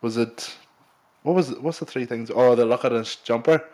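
A man's voice: mid-range voice, normal speed, dark tone. A young man co-hosting a podcast, chatting casually with a friend, laughing and swearing. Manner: laughing banter, swearing, local slang. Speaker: podcast co-host. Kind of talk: casual chat.

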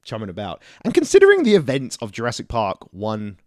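A man co-hosting a casual movie podcast, retelling scenes with animated delivery. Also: medium pitch, dry recording, studio quality. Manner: animated, acts out scenes in quick impressions. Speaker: podcast co-host. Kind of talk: casual movie review chat.

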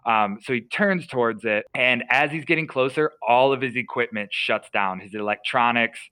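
A man's voice: mid-range voice, moderate pace, bright, forceful tone, clear, resonant tone, dry recording, poor audio. A young man, a podcast co-host, casually retelling a story with lots of fillers and restarts.

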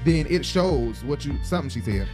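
A man's voice: fairly high pitch, expressive, moderate pace, over music. A man hosting a casual reality-show recap, talking in a rambling way with many fillers. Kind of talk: casual chat.

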